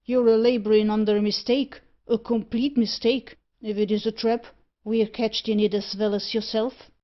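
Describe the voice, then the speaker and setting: A crafty, rough-spoken tinker who talks in broad dialect, as a woman reads him. The audiobook sound is dull and lo-fi. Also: fairly high pitch, little pitch movement, moderate pace, lightly acted. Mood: sly. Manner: dialect speech, knowing. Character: sly cockney male tinker rogue. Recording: muffled lo-fi audiobook recording.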